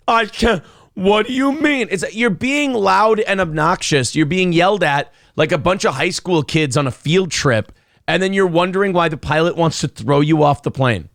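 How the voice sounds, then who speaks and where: Sarcastic, animated male talk show host. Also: sits high, moderate pace, dry recording, clean studio sound. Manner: animated, sarcastic, laughs often. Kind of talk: casual streamed talk show banter.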